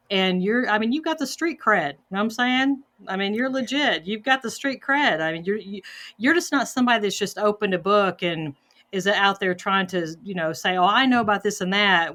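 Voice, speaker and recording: Woman podcast host, punchy and emphatic, leans hard on repeated words. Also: mid-range voice. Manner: emphatic, animated, repeats phrases for stress. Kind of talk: conversational interview.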